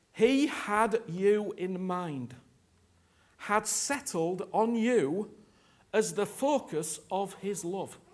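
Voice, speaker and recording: A man preaching a sermon, impassioned and emphatic, urging his congregation to respond and repeat after him. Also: sits high. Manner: slow and emphatic, with sudden loud peaks.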